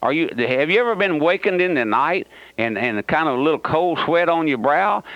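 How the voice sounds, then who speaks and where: Fervent preacher on old radio. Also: male voice, fairly high pitch, expressive, fairly quick, no echo. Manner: fervent, repeatedly questions the listener. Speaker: pastor. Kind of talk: radio sermon. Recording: dull lo-fi dry radio broadcast.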